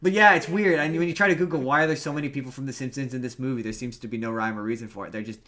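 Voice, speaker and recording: A man's voice: medium pitch, rapid-fire, bright, forceful tone. A man co-hosting a podcast over a remote call, chatting about movies in a rambling way, with lots of restarts and fillers. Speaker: podcast co-host. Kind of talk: casual movie chat.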